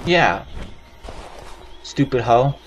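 A man giving profane, excitable let's play commentary, yelping and laughing at the game. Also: mid-range voice, very slow, a little hiss or hum. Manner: profane, excitable, yelps and laughs while playing. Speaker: gaming channel host.

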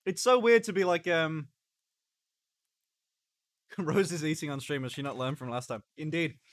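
A man's voice: on the high side, normal speed, no echo. A man streaming live in casual chat, joking, swearing and eating on camera. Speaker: livestreamer.

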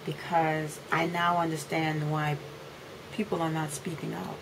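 A fed-up mother vents straight to the camera in a lowish voice. She hammers her points home by repeating them, one moment loud and defiant, the next low and weary. A faint background hiss sits under her voice. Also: level tone, a little slow. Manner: indignant, repeats phrases for emphasis, swings from loud outbursts to low, weary lines. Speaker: mother making a video complaint. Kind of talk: emotional rant to camera.

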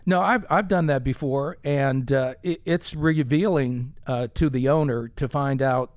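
A man's voice: mid-range voice, a little slow, no echo, clean studio sound. A man co-hosting a casual business talk show, speaking earnestly and often repeating words as he starts a thought. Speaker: co-host.

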